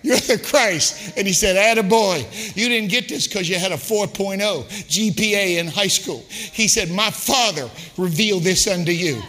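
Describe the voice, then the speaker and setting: Impassioned high-voiced man preaching. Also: normal speed, hardly any pauses, long reverb tail. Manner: impassioned, rhythmic preaching with shouted peaks. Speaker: guest preacher. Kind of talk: sermon. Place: church sanctuary.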